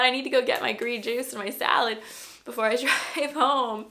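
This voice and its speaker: A woman's voice: a little high, steady tone, normal speed, bright, forceful tone. A woman in her thirties telling her personal faith story to her own camera in a casual, earnest and emotional way, rambling and restarting as she goes. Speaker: vlogger sharing a faith testimony. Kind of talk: casual spoken testimony. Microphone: self-filmed camera.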